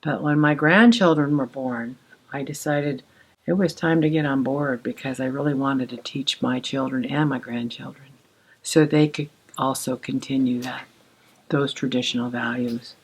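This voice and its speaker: An older woman from Alaska, telling her story in an interview, thoughtful and unhurried with pauses. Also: rumbling low, fairly even intonation, breathy edge. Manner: slow, thoughtful, with pauses and fillers. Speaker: interviewee sharing heritage.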